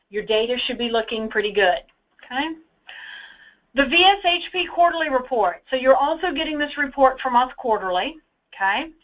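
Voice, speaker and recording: Bright-voiced woman leading a software webinar. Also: fairly high pitch, rough recording. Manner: chatty, emphatic, checks in with "okay?". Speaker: data trainer. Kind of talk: webinar screen-share walkthrough. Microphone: computer mic for online webinar.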